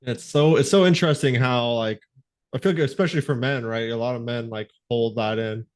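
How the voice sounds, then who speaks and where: A man's voice: medium pitch, fairly even intonation, a little fast. A man hosting a podcast, talking reflectively in casual conversation and leaning often on "like" as filler. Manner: reflective, leans heavily on "like" as filler. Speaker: podcast host.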